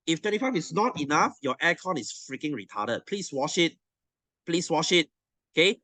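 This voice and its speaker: A man's voice: a little high, big pitch swings, moderate pace, sharp tone, no room sound. A young adult man with a Malaysian English accent, teaching a science class in a blunt, swearing, teasing rant to his students. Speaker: science tutor.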